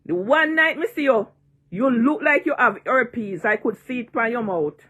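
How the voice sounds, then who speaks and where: A woman's voice: a little high, expressive, moderate pace, fairly bright tone, breathy edge. A woman in her sixties with a Jamaican accent, ranting and taunting in a vlog, repeating her jeers and cursing freely. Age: 60s. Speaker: online personality.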